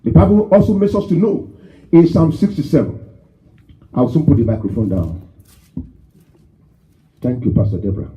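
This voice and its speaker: A man preaching a sermon in church, emphatic and repetitive, rising to shouts as he leads prayer. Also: mid-range voice, sing-song, moderate pace, pauses often. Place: church hall. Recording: dull, lo-fi church recording.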